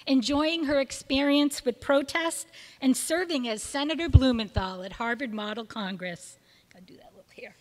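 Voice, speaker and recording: A woman reading prepared tributes to graduating students at a school ceremony, in a measured, list-like delivery of praise. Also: high-pitched. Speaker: school speaker presenting seniors. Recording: long reverb of a large hall.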